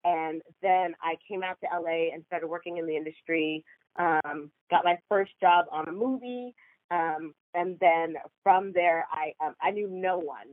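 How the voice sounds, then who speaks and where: A woman's voice: lowish voice, fairly even intonation, measured pace, no room sound. Chatty woman on a phone line. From Seattle, USA. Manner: chatty, many ums and self-corrections. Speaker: guest, TV producer. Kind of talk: podcast interview.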